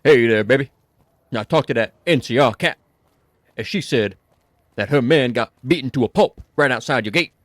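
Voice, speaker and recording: A man's voice: mid-range voice, moderate pace, hardly any pauses, no echo, natural voice. A flirty, crooning rock-and-roll king drawls out lines with swagger, as a man puts him on for laughs. The put-on accent wobbles and drifts into other accents. The sound is dry and close. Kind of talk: comic impression during gameplay.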